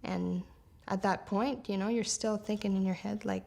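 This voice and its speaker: Woman survivor, gravelly flat voice, halting testimony. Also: mid-range voice. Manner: halting, full of fillers. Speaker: attack survivor. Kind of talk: personal testimony in an interview.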